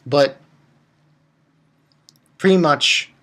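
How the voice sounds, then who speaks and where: A man reviewing an anime episode in a rambling, excitable way, stumbling over names and jumping up into high squeals. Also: very slow.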